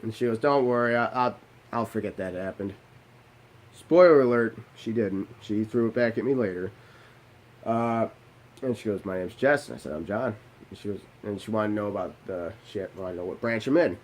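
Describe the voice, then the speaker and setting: At a moderate pace and in a lowish voice, a young man tells a story about himself in a relaxed way. His delivery is profane and self-deprecating, broken up by lively asides where he pokes fun at himself.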